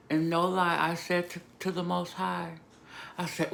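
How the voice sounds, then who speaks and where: A woman vlogger giving an emotional, emphatic personal testimony, moving between hushed and loud moments. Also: lowish voice, flat delivery, a little slow, creaky, a little hiss or hum. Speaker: vlogger sharing a personal story.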